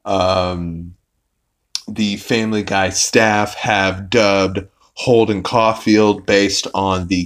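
A young man hosting a podcast, recapping an episode in a rambling, casual way with lots of fillers and restarts. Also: on the low side. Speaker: podcast host.

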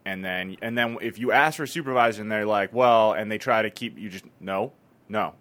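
A man chiming into a casual chat with blunt, practical advice. His voice sits lowish, and he talks quickly. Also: a bit bright. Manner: blunt, giving matter-of-fact advice.

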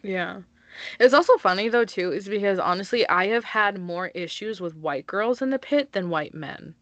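A woman's voice: medium pitch, moderate pace, a bit bright, no room sound, lo-fi sound. A woman co-hosting a podcast, talking in a blunt, emphatic way and swearing freely. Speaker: podcast co-host. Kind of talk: casual chat.

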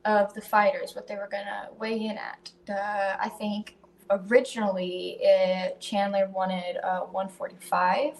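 Woman, podcast host, casual chat, swears a lot, self-mocking, medium pitch. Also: little pitch movement, unhurried, vocal fry, slight background noise.

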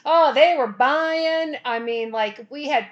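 A woman telling a funny personal story in a casual, animated way, laughing and often checking in with "okay?". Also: sits high, slow pace, dull audio.

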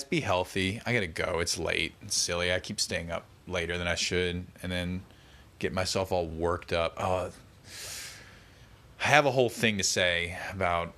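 A man's voice: deep voice, a bit bright. A man vlogging a casual late-night monologue at home, rambling through tangents and mockingly quoting other people. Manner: rambling, tangent-prone, mock-quotes people.

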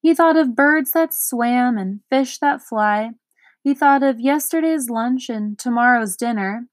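A woman's voice: fairly high pitch, a little slow, no room sound. A woman reading a children's storybook aloud, giving the characters their own voices. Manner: voices characters with lively shifts. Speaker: audiobook reader. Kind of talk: storybook narration.

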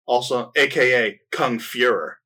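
A man's voice: medium pitch, a little slow, sharp tone, slightly rough. A man co-hosting a casual film podcast, talking enthusiastically and rambling with restarts. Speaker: podcast co-host. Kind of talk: casual film review chat.

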